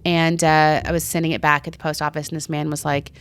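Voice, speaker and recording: A woman's voice: low-pitched, little pitch movement, fast talker, fairly bright tone, clear, resonant tone. A middle-aged woman co-hosting a podcast in casual chat, telling stories and acting out what people said. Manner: chatty storyteller, acts out quoted voices. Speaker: podcast co-host.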